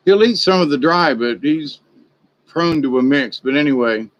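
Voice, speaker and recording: A man's voice: on the high side, normal speed, highs cut off. A man talking in a casual, rambling vlog monologue, folksy and chatty. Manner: folksy, chatty, animated in retold exchanges. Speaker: vlogger.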